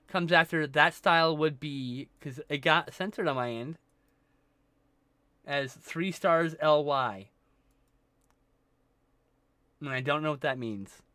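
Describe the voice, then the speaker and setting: Stoned guy streamer rambling at chat, bright edgy voice, kinda high, swears a ton, dry close sound. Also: clean tone, dry recording. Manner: rambling, scattered, swears a lot. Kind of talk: casual chat with chat.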